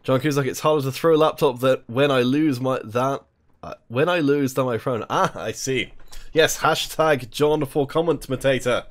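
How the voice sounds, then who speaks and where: A man's voice: mid-range voice, normal speed. Male esports caster, chatty and casual, jokes between plays, mid-range voice. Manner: chatty, jokey, talks while eating. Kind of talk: solo esports play-by-play commentary.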